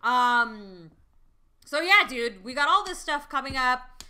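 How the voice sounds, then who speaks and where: A woman with a fairly high, bright, sharp-edged voice talks wrestling in a loose, casual chat. Her pitch swings widely as she gets excited, and she swears freely and laughs often. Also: slow. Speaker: podcast co-host.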